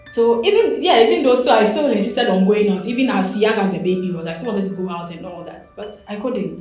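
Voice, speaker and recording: A young woman with a Ghanaian accent telling a personal story as an interview guest, animated and expressive. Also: mid-range voice, very echoey. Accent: Ghanaian English.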